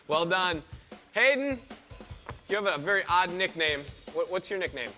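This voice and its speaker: A man hosting a TV game show, interviewing contestants in a playful, teasing way with deadpan jokes. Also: high voice, measured pace. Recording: loud game show music behind.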